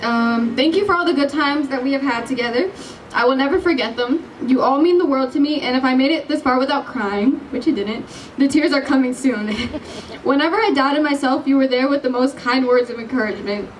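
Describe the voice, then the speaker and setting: A woman's voice: high voice, fairly quick, distant mic, a little hiss or hum, rough recording. A teenage girl, the class president, giving her graduation speech, bubbly and giggly, apologizing when she loses her place. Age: late teens. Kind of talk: commencement speech.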